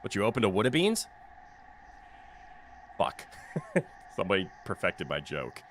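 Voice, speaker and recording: A man's voice: low voice, wildly swooping pitch, measured pace. A man streaming a video game in casual commentary, joking, swearing freely and laughing often, into a desk mic with a noise canceller.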